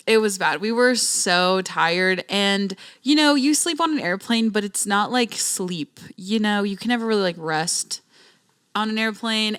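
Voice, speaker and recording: Young woman yapping thru a travel story, chatty and slangy, mid pitch. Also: a bit bright, clear, resonant tone. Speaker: podcast host. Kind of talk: casual storytelling.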